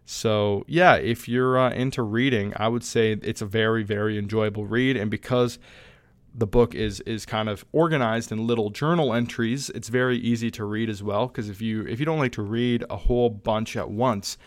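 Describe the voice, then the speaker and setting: A man's voice: fairly low pitch, fairly even intonation, normal speed, dry recording. A young man hosting a solo podcast, talking casually and rambling with plenty of fillers and restarts. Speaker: podcast host.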